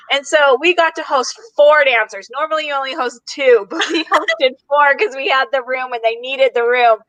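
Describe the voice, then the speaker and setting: A bright, forceful woman with a slightly high voice hosts a casual video chat. She is chatty and affirming and tells her own stories, and her voice sounds dry and close. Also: normal speed, dry recording, rough recording. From United States. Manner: chatty, warmly affirming, storytelling.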